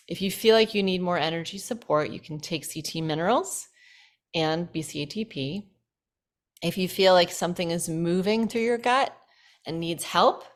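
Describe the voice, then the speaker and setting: A woman with a notably low-pitched voice hosts a relaxed health chat. She talks listeners through practical tips in an instructive, list-like way. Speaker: host.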